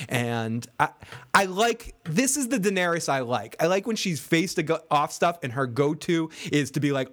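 A man's voice: mid-range voice, expressive, moderate pace. A man co-hosting a casual recap podcast, swearing freely, laughing often and reading listener comments aloud. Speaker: podcast co-host.

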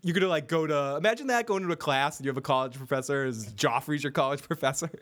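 A man's voice: on the high side, quick pace, fairly bright tone. Casual guy recapping a TV episode. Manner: casual, swears, reads chat aloud, acts out scenes. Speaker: podcast host.

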